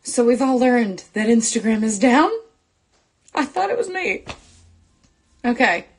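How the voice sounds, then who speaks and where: A young woman hosting a casual live stream, flustered and excitable as she talks to her viewers. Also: on the high side, a little slow, husky.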